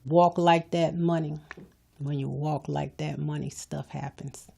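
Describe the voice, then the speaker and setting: An older woman hosts her own podcast with a low, mellow voice. She gives a folksy motivational talk and speaks straight to her listeners, the way a preacher would. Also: fairly even intonation, measured pace, creaky. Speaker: podcast host.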